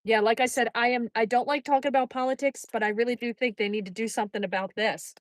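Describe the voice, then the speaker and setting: Brief: female streamer, a touch high-pitched, casual chatter to viewers and pet while walking outside, dry phone sound. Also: steady tone, fast talker, no echo. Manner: reads viewer comments aloud and baby-talks to her dog. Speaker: live-stream host. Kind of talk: chatty live-stream walk-and-talk. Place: outdoors at a mountain park.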